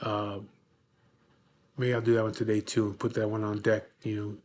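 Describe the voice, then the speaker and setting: A man's voice: on the low side, monotone, moderate pace, a little mellow. A man in his forties in a casual vlog, answering viewers' questions bluntly and frankly, swearing often and often asking "you know what I mean". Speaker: vlogger.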